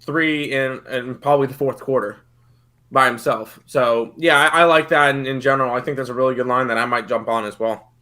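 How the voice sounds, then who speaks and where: A man's voice: medium pitch, fairly quick, bright, forceful tone. A man giving casual basketball betting picks on a livestream, confident but rambling, often repeating words as he thinks. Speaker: betting analyst. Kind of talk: casual sports betting analysis.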